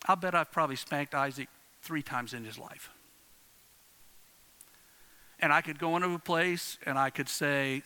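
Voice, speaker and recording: Delivering a sermon at normal speed and with smooth delivery, this middle-aged pastor has a high, very bright voice that echoes with the long reverb of a big hall. His storytelling leans on repeated phrases. He drops to a whisper-like hush, then climbs back to loud.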